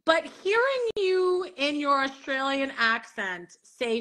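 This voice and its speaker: A woman's voice: sits high, expressive, slow pace, hardly any pauses, bright, forceful tone. A woman with a New York Long Island accent hosting a casual live-stream chat, gushing and swearing freely, with lots of "like". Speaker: host.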